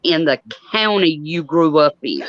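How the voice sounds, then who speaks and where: A woman from Georgia chatting slowly and easily with friends on a call. Her voice sounds dry and a little dull, as if through a modest mic. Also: deep voice, animated, no room sound. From Georgia, USA. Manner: chatty, drawn-out storytelling. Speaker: channel host. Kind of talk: casual group chat.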